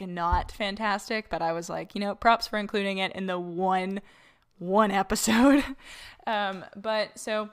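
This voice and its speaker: This podcast host is a young woman going solo, talking in a chatty way full of fillers and laughter. Her clean, slightly bright, mid-range voice is captured on her own mic in a borrowed house, where the room has a bit of echo.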